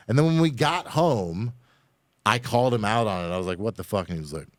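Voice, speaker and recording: A man's voice: lowish voice, animated, quick pace, dry recording, studio quality. A man casually telling a rambling, profane story on a podcast, full of fillers. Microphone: studio microphone.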